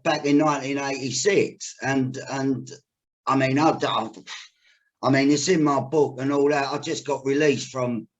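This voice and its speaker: A man's voice: medium pitch, steady tone, unhurried, highs cut off. A man with a South East London accent hosting a podcast, telling rambling stories and swearing freely. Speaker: podcast host. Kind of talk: casual chat.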